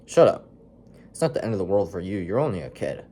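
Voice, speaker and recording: A young man voicing an upset, dramatic teenage girl who whines and complains loudly. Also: low-pitched, very animated, rapid-fire, slight background noise. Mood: snappy. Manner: loud and complaining.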